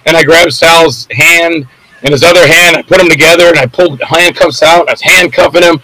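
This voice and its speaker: Bright-voiced older man telling anecdotes. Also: fairly high pitch, a little fast, vocal fry, low-quality recording. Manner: rambling anecdotes, acts out quoted voices. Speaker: actor and interview guest. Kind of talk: casual storytelling interview.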